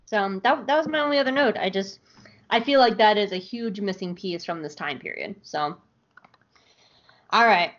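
A woman co-hosting a podcast, giving an animated, jokey recap in casual chat. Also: mid-range voice, normal speed, dull audio. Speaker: podcast co-host.

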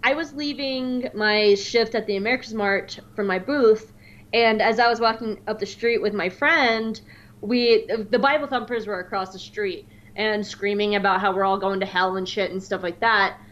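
A woman in casual podcast chat, telling animated stories and jumping up high when she mimics other people. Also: moderate pace, dull audio. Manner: animated storyteller, mimics voices with high squeals.

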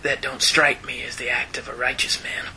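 A man's voice: mid-range voice, flat delivery, normal speed, bright, forceful tone, in a whisper, poor audio. A man doing a weary old Western gunfighter. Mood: weary, grim. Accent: Western American. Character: weary old male gunfighter, grim and tired. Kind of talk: dramatic reading.

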